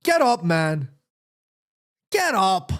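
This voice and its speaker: A man commentating live on a football match for his stream, reacting excitedly and shouting at players. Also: high voice, dry recording, clean studio sound. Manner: repeats himself, quick restarts. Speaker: watchalong streamer.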